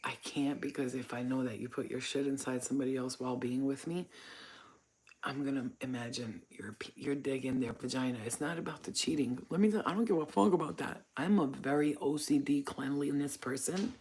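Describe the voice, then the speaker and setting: A woman's voice: a bass voice, fairly quick, a little mellow, breathy edge. A woman hosting her own channel, telling frank, profane stories in a casual monologue. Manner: blunt, profane, frank storytelling. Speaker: channel host.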